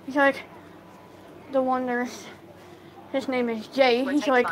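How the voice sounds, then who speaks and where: A woman's voice: high-pitched, little pitch movement, slow pace, a little hiss or hum, rough recording. A woman telling a personal story in a casual storytime, rambling and acting out what everyone said. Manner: rambling, acts out quoted dialogue; filler-heavy retelling, lots of "I'm like".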